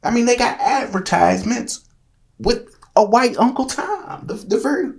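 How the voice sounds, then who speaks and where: Man, AAVE speech, gravelly voice that rises and falls a lot, preachy and emphatic, monologue to camera. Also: extremely high pitch, animated, moderate pace. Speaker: author and commentator. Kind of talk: impassioned monologue.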